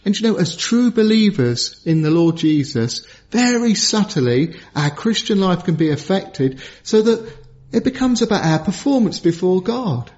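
Male preacher, high voice, earnest, leans on key words; dull lo-fi recording. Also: very animated, a little mellow. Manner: earnest, slows down for emphasis. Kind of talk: sermon. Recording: dull lo-fi sound.

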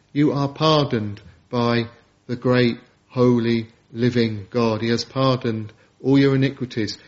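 A man's voice: medium pitch, muffled recording. A man preaching an evening sermon, earnest and emphatic, piling up lists and quoting scripture.

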